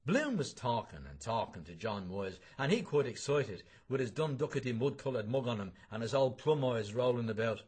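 A man's voice: medium pitch, big pitch swings, normal speed, hardly any pauses, darkish tone, husky. A man reading a novel aloud in a wry, conversational storytelling way. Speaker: reader.

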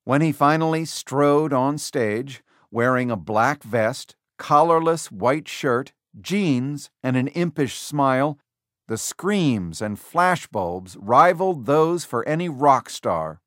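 A man reading a nonfiction book aloud in scripted narration, with a measured, even storytelling delivery. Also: mid-range voice, no echo, clean studio sound. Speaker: audiobook narrator.

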